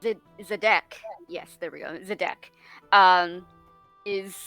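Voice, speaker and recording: Bright-voiced woman game master, halting. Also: lowish voice, fairly even intonation, clear, resonant tone, faint music behind. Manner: halting, full of ums and self-corrections. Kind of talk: narrating a tabletop game.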